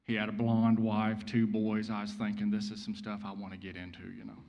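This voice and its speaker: A man's voice: fairly low pitch, completely flat delivery, brisk, a little mellow, lo-fi sound. A man giving a humorous eulogy at a memorial. He tells anecdotes in a nervous but joking way. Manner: nervous, joking storyteller who acts out quotes. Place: church hall. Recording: reverberant hall sound.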